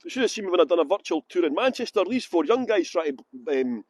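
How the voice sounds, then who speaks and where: Brief: Scottish tour guide, middle-aged man, cheeky banter with viewers, phone on a gimbal outdoors, very high pitch. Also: sing-song, fast talker, dry recording. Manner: cheeky, joking, chatty greetings to viewers. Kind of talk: livestreamed walking tour chat. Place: city streets outdoors.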